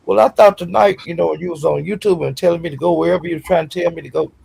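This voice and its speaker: A woman's voice: fairly low pitch, racing, gravelly, mellow, slightly rough, dry recording. An older woman chatting casually on a live stream, drowsy and easygoing. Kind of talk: casual late-night chat.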